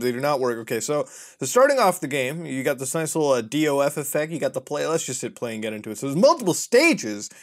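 A man hosting a casual gaming commentary, profane and excitable, often breaking into laughter. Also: a little high. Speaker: host.

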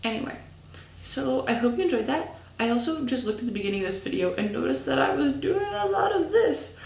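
Chatty young woman with a gravelly edge. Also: sits high, expressive, fast talker, a little hiss or hum. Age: young adult. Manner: chatty, rambling, self-mocking. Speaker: college student vlogger. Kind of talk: casual video letter to a friend. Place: dorm room.

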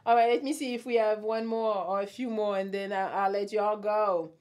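Brisk and a little mellow, with medium pitch and fairly even intonation, a young adult woman runs a casual live stream. She reads viewer comments out loud and answers them bluntly, teasing as she goes and laughing frequently.

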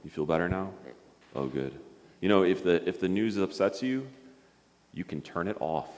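Pastor guy doing a kids sermon, lowish voice that swoops around a lot, soft and coaxing, big church echo. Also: animated. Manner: gentle, coaxing, halting with many restarts. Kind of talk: children's sermon with a puppet. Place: church sanctuary. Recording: long church reverb.

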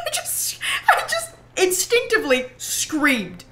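A young woman livestreaming, chatting casually while she plays a game, rambling and animated with lots of "like" and quick bursts of laughter. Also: extremely high pitch, faint music behind. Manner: chatty and rambling, heavy use of "like"; animated storyteller who breaks into laughter. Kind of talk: casual chat while gaming.

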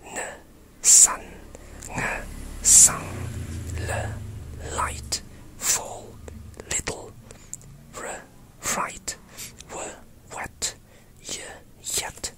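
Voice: drawn-out words, pauses often, rough recording. A pronunciation teacher giving a whispered lesson, carefully enunciating single sounds and word lists close to the mic.

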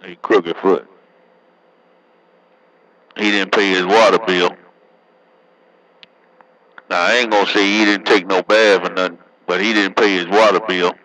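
A man's voice: deep voice, level tone, a little slow, long pauses, pushed and bright, rough recording. A man bantering over CB radio, teasing and joking, tagging his lines with "man". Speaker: CB radio operator. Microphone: CB radio handset.

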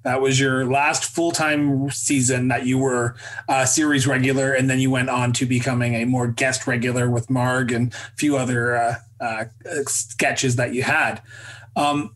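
Male interview host, mid-pitched, halting, sets up questions with dates and facts. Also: fairly bright tone. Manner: halting, stacks up "uh" and restarts before reading out facts.

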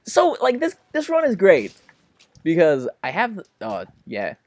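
Young man, let's-play commentator, melodramatic, very lively pitch, dry sound. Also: unhurried, dry recording. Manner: excitable, melodramatic, swings between pleading and laughing. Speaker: gaming commentator.

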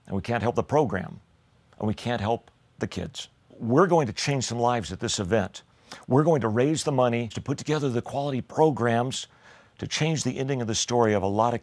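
A man's voice: mid-range voice, dry recording. A man giving an earnest, grateful recorded thank-you message as an event speaker.

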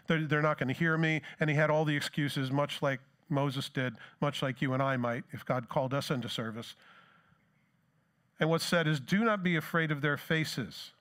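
A man's voice: on the high side, a bit bright. A middle-aged man preaching a sermon as pastor, in a conversational way, with rhetorical questions and plain asides.

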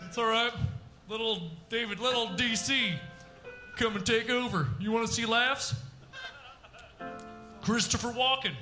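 A man's voice: very high-pitched, normal speed, pauses often, music in the background. A man doing live character comedy on a club stage, rambling and blustery like a brash dad working the crowd. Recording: echoey live club room.

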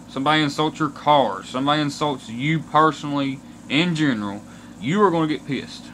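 Slightly high and a bit bright, this voice comes from a young Kentucky vlogger with an Appalachian accent. He rants bluntly at the camera, aggrieved and swearing often, at a slow and deliberate pace. A little hiss or hum runs through the clip.

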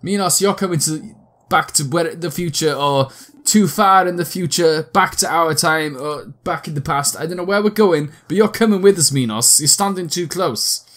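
A man's voice: on the high side, normal speed, fairly bright tone. A man with a scratchy throat giving casual, sweary let's-play commentary with laughing asides.

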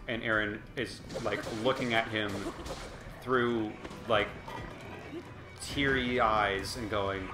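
A man riffing as a let's play commentator, his talk meandering and sarcastic before climbing into heated, impassioned argument. His voice rings around a roomy space. Game music plays clearly behind him. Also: medium pitch, steady tone, slow. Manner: sarcastic, rambling, rising to impassioned. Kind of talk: casual game commentary rant.

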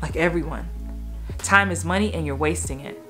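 A woman in her thirties tells a personal story from an acting job, candid and emotional, doubling back on herself as she goes. Her voice sits a little low, and faint music plays softly behind her. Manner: candid, emotional, quick asides and restarts. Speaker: actor and acting coach.

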